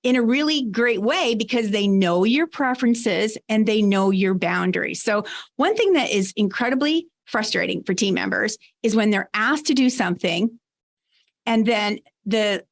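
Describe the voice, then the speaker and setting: A woman guest on a podcast, explaining leadership ideas in a measured, conversational way. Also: a little high. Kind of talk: conversational advice.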